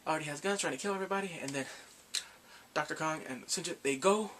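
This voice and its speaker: A man casually recapping drama episodes in a rambling, excitable way, gasping and laughing as he goes. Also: a little high, fast talker, a little hiss or hum. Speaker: drama reviewer.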